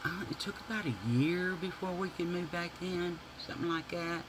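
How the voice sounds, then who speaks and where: A man telling a profane, animated childhood story to his viewers while doing makeup. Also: high-pitched, normal speed, noisy background. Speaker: beauty vlogger.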